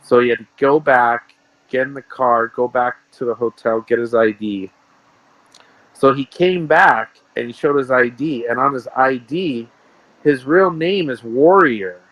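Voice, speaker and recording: A man's voice: medium pitch, a little slow, fairly bright tone, no echo, rough recording. A man, a sports card shop owner, telling rambling stories in a casual interview and repeating himself.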